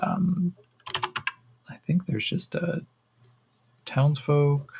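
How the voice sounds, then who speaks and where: A man running a solo tabletop role-playing game on a stream, relaxed and thinking aloud with a lot of fillers and swearing. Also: a little high, very slow, creaky, noisy background. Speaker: solo game master and player.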